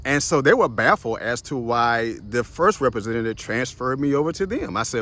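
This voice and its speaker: A man's voice: medium pitch, fairly quick, few pauses. Chatty young man telling a story. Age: young adult. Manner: animated, chatty, addresses viewers directly as "y'all" and "guys"; laughs often and acts out voices in his story. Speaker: host of a short motivational video series. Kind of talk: casual storytelling monologue.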